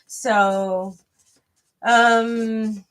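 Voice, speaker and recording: A woman's voice: on the high side, flat delivery, very slow, a bit bright. A woman giving a live tarot reading to viewers, hesitant and rambling, with many fillers and restarts, chatty and friendly. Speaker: tarot reader.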